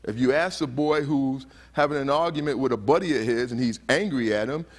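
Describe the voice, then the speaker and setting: A man's voice: mid-range voice, a little fast. A man giving a motivational talk at a conference. He asks the audience questions and acts out heated quotes. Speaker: conference speaker. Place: conference hall.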